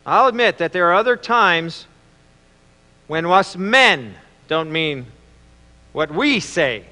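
A man preaching a Father's Day sermon, telling stories with reflective pauses. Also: high voice, expressive, bright, forceful tone. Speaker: pastor. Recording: long reverb in a large hall.

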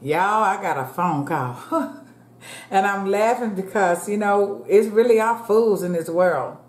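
In an echoey room, a woman in her fifties, a food vlogger, chats casually with viewers while she eats, calling them "y'all" and praying aloud. Her medium-pitched voice is animated and a little mellow, and she speaks a little slowly.

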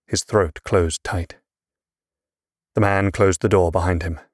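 Guy with a low voice reading a fantasy audiobook, measured, dry close studio sound. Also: fairly even intonation, no echo. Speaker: audiobook narrator. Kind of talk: scripted fantasy narration.

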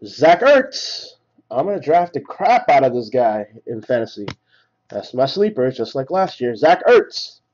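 A man hosting a live card break, calling out each card and getting excited over big pulls. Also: mid-range voice, unhurried, muffled recording. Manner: rattles off names, excited at big hits. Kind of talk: live card-opening commentary.

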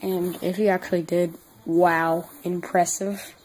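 A woman's voice: lowish voice, little pitch movement, unhurried, a little mellow, low-quality recording. A young woman vlogging late at night on her phone at home, exhausted, yawning and rambling in a drowsy way. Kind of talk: sleepy late-night chat to camera. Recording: faint background noise.

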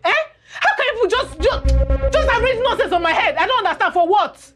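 A young Nigerian woman, fiery and insistent, her high voice rising and falling hard. She presses each question at her parents in an indignant tone. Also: big pitch swings, fairly quick, music in the background. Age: young adult. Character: defiant young woman refusing an arranged marriage. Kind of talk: Nollywood film acting.

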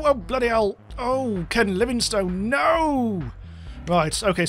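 A man giving excitable, exclamatory commentary over a game, yelping and swearing at what happens on screen. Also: sits high. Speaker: gameplay video host.

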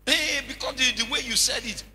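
A man preaching a sermon in an animated, humorous way, full of rhetorical questions and anecdotes. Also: very high voice, fairly quick, breathy edge, soft background music. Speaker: bishop, preacher.

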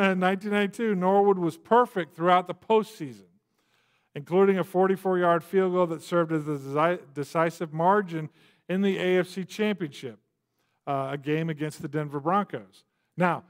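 Pastor with a chatty, animated preaching style. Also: male voice, fairly high pitch. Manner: conversational preaching with frequent fillers and asides. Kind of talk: sermon. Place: church.

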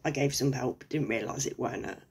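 A woman's voice: very deep voice, a little fast, very noisy. A middle-aged woman with an English accent, ranting casually in a sweary, sarcastic, rambling way. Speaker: vlogger. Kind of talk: casual rant to camera.

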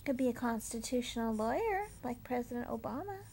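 A woman's voice: a little high, expressive, a little fast, darkish tone, slight background noise. A woman talking to her baby in sing-song, cooing baby talk. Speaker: mother.

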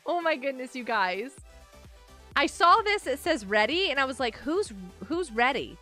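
Bubbly, high-pitched woman streamer. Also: very animated, normal speed, bright, forceful tone, soft background music. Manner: bubbly, giggly, talks to chat. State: has a headache. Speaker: live streamer. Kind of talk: live stream chatter with viewers.

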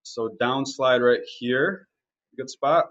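A man walks students through violin technique in a live online lesson. He talks casually and pauses with fillers. His mid-range voice comes through muffled webinar audio. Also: mid-range voice. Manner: relaxed, explanatory, with fillers. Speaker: violin teacher.

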